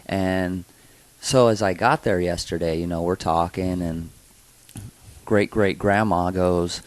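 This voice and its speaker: A man's voice: sits low, steady tone, slow pace, no room sound, rough recording. A man co-hosting a comedy podcast, telling a personal story in a rambling, hesitant way with lots of fillers. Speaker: podcast co-host. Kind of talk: casual storytelling chat.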